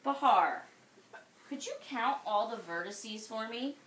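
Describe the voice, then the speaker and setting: A woman's voice: on the high side, lively intonation, a little slow, fairly bright tone, recorded from a distance, a little hiss or hum. A woman teaching a second grade class, quizzing the children by name and praising them patiently. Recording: echoey classroom, voice off-mic.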